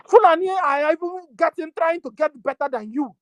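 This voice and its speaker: A woman with a Nigerian accent giving an impassioned political address, scolding her listeners over and over and rising to shouts. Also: very high-pitched, brisk, no room sound, poor audio. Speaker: activist speaker.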